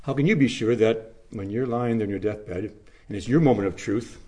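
A male pastor preaching a sermon, moving from quiet reflective questions to fervent, emphatic repetition. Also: on the low side, brisk.

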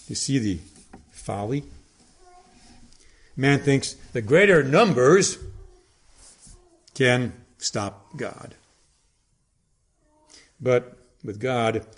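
A man preaching a sermon in a dramatic way, with emphatic pauses and sudden drops to a hush. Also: mid-range voice.

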